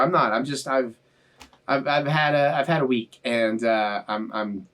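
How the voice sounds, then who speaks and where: A man's voice: mid-range voice, fairly even intonation, brisk, a bit bright. A young man talking to his viewers in a casual, heartfelt, emotional way, rambling and restarting his sentences. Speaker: YouTube reaction channel host. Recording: voice a bit far from the mic.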